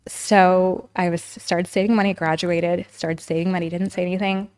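A woman's voice: lowish voice, level tone, normal speed, clear, resonant tone. A young adult woman, a podcast guest, candidly telling her story in casual talk, often saying "like" and "you know". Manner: frequent "like" and "you know", reenacts quotes.

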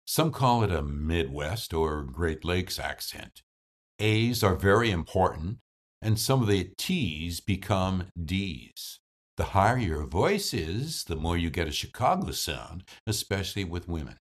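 Deep voiced guy reading his podcast script, swoopy up and down. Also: very animated, a little slow. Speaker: podcast host and voice actor.

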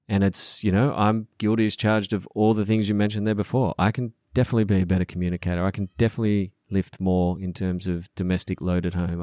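A man's voice: deep voice, a little mellow, no echo, clean studio sound. Earnest, swearing man. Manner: earnest, repetitive, swears a lot. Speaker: podcast host. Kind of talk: casual podcast chat.

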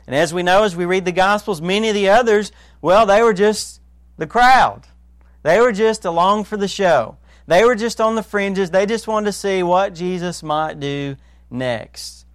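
Pastor, man, high voice, dry close sound; earnest sermon, hushed to emphatic, asks the listeners questions. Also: smooth, no room sound.

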